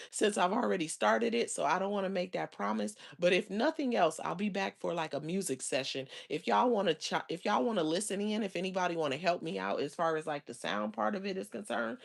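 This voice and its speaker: A woman hosts a laid-back livestream, chatting and rambling with viewers in loose slang and sometimes erupting into loud, exasperated outbursts. Her voice sits on the low side and has a creaky quality.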